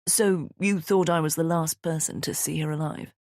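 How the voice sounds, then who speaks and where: Lady voicing a calm measured guy, low and dry, audiobook thriller. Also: dry recording. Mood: guarded. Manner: measured and reasonable. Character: composed middle-aged man, guarded and calm.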